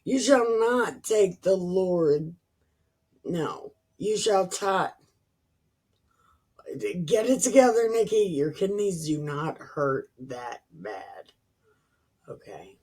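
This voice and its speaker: A woman reading scripture and breaking off into loose, irreverent asides. Her voice is husky and she takes her time, drawling through the verses. She swears freely and laughs at her own jokes. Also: medium pitch, sing-song, takes it slowly, darkish tone. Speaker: Bible reading vlogger. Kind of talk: casual scripture reading with commentary.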